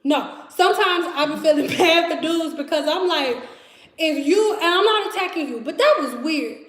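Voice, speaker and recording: A young woman with a Detroit accent telling a story in casual, animated chat at home, laughing often. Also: very high voice, normal speed, reverberant. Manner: chatty, animated, laughs often, acts out voices. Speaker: vlogger. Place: home kitchen.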